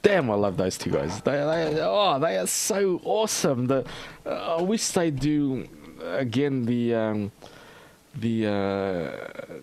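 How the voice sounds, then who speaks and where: An Australian man hosting a livestream in a rambling, halting chat full of fillers and restarts. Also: mid-range voice, expressive, gravelly, a little mellow. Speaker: livestream host.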